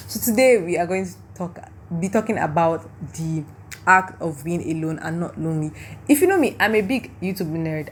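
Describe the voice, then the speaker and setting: A young woman of nineteen hosts her own podcast, talking in a loose, rambling way full of "like." Her voice is tired and sits a little low for a woman. A faint hiss hangs under her voice. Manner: rambling and chatty, heavy use of "like". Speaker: podcast host. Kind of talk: casual solo podcast chat.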